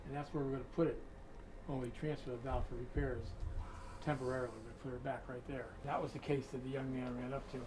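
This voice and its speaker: A man's voice: mid-range voice, level tone, fast, background noise. A man telling a creepy story in a conversational, dramatic way, full of asides, while guiding people through a museum room. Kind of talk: spooky storytelling.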